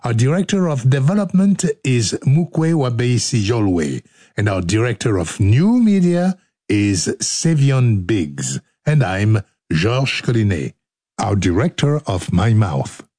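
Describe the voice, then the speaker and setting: A man's voice: mid-range voice, big pitch swings, takes it slowly, dark tone, no room sound. Older guy radio host goofing around, bouncy voice, dry studio sound, some music in the back. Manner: playful, jokey, breaks into laughter and sing-song. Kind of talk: playful outtakes chat.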